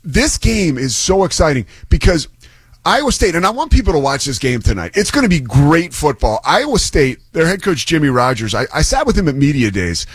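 Fairly high-pitched, very animated, and fairly quick, this man's slightly rough voice has no room sound. He's a play-by-play announcer guesting on sports talk radio, chatting enthusiastically about college football and leaning on fillers.

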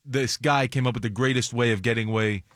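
A man's voice: mid-range voice, fairly even intonation, fast talker, a bit bright, dry recording, clean studio sound. A man co-hosting a casual talk show, telling playful family stories and acting out quotes. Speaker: co-host. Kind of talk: casual chat.

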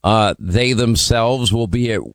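A male talk-radio host speaks into a close studio mic. His mid-pitched voice sounds dry and close, and his delivery is emphatic and opinionated, full of "uh" fillers. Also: unhurried, dry recording.

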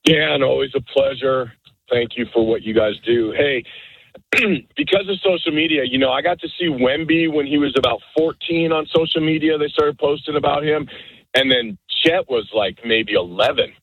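A male caller on a sports radio show who rambles and keeps restarting his thoughts. His voice is a bit husky and sits slightly high. The sound is dry. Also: no echo, narrow, tinny audio. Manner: rambling, halting, full of restarts. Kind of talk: rambling call-in praise.

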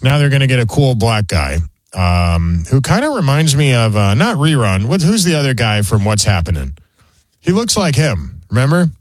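A man trades jokes and strong opinions as a talk show co-host. His pitch moves a lot as he talks, and the sound is dry and close. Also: very animated, moderate pace, dry recording. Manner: joking, opinionated, does goofy voices. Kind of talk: casual talk show banter.

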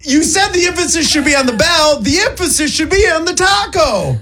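A man's voice: very high voice, animated, brisk, sharp tone. A man co-hosting a morning radio show, chatting casually on air and often stammering and hesitating. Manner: hesitant, stammering, playfully defensive.

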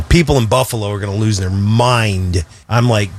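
A man co-hosting a radio show in casual on-air chat, animated and jokey, often restarting his sentences. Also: lowish voice, moderate pace, few pauses, faint music behind. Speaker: radio co-host.

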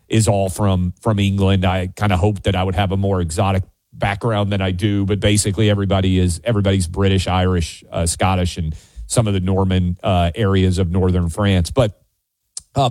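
A man's voice: fairly low pitch, a little mellow, dry recording. A man co-hosts a talk radio show, chatty and enthusiastic in casual political talk. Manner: chatty, fast-talking, enthusiastic.

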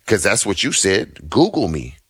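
A man with a very deep voice argues on a sports talk show. He hammers his points with repetition and stays forceful through back-and-forth debate. The sound is dry and close, with no room echo. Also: sing-song, normal speed, husky. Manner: emphatic, argumentative, repeats his points. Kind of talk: heated casual sports debate.

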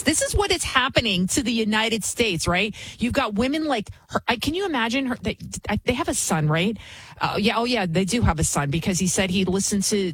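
A woman's voice: mid-range voice, breathy edge, dry recording, poor audio. A woman hosting a talk radio show as a fill-in, giving a blunt, indignant opinion monologue and repeating lines for emphasis.

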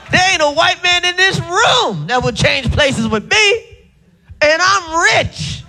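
High-pitched, punchy stand-up comedian man. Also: creaky, slight background noise. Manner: loud, punchy, incredulous ranting. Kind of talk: live stand-up routine. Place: comedy club stage.

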